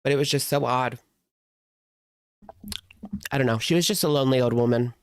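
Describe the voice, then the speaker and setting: A man's voice: mid-range voice, brisk, smooth, no room sound, studio quality. A man in his thirties telling a rambling, amused story in a casual chat with a live audience, with lots of fillers. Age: 30s. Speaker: host.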